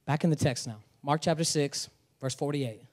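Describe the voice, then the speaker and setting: A male pastor preaching a sermon in a casual, energetic way, with humor and slang. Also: a little high, normal speed.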